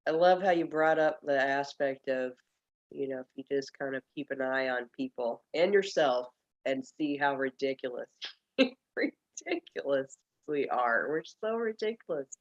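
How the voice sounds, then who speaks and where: A woman's voice: extremely low pitch, lively intonation, measured pace. Laughing woman on a muffled call. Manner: laughing, self-mocking storytelling. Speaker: group member. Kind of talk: casual group video call chat.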